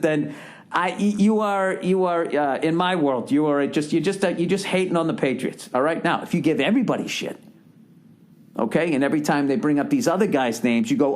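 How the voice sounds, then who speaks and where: Middle-aged man ranting, fairly high-pitched. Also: expressive, fairly quick. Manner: profane, ranting, worked-up. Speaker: podcast host. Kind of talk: casual monologue.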